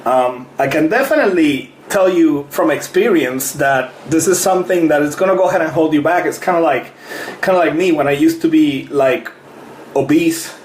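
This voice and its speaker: A man's voice: fairly high pitch, normal speed. A man, a fitness coach, chatting casually on a live stream, greeting viewers by name and laughing often. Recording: roomy echo with faint noise.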